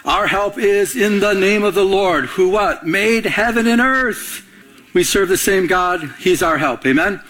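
A male pastor preaching in an animated, conversational way, telling personal stories and having listeners fill in words. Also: sits high, unhurried. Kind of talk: sermon with personal storytelling.

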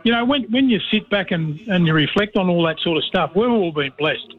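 A man's voice: high-pitched, animated, fairly quick. Aussie man on a tinny phone line. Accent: Australian. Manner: rambling storyteller, says "mate" constantly. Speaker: guest, former player and commentator. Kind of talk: casual radio chat by phone.

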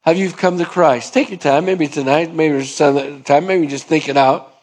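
A man's voice: a little high, normal speed, darkish tone. A male pastor preaching a sermon in a conversational way, acting out both sides of little dialogues.

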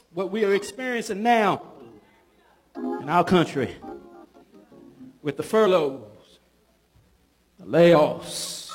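A bishop with a fairly high-pitched voice preaches a sermon in church, calling for responses from the congregation and building up to shouts.

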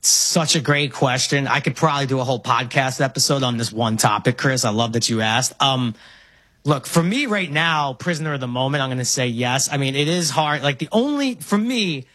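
A man's voice: medium pitch, moderate pace, no echo. A man in his forties from Brooklyn with a New York accent, chatting about sports and telling stories with lots of restarts. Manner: animated storyteller, many restarts. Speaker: guest. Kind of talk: casual sports talk.

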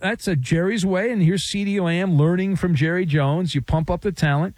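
A man's voice: fairly high pitch, a little mellow, no echo. A man hosting a sports talk show, riffing sarcastically and joking between points. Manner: wisecracking, sarcastic, playful riffs. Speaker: sports radio host.

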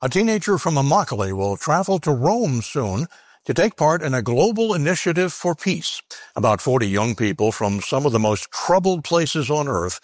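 Lively-voiced male news anchor. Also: fairly high pitch, moderate pace, no echo, studio quality. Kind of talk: scripted news narration.

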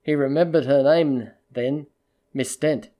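A narrator reading a literary short story aloud in a measured, steady storytelling manner. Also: medium pitch.

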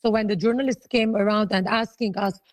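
A middle-aged Lebanese woman with an accent, speaking English as a second language to an interviewer over the phone, halting, with many restarts. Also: medium pitch, fairly even intonation, dry recording, rough recording. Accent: Lebanese Arabic. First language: Arabic. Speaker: interviewee, hotel owner.

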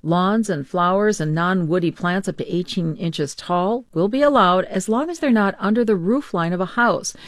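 A woman newscaster reading a scripted news bulletin in a crisp, formal way. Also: fairly low pitch, moderate pace, few pauses, no room sound, studio quality.

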